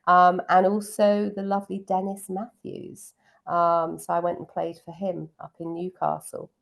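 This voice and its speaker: A middle-aged woman speaks in a low, gravelly register. She recalls her past warmly and at a relaxed, conversational clip, filling pauses with soft ums. She sounds like a seasoned piano teacher being interviewed. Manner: fond, reminiscing, frequent ums. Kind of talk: casual interview chat.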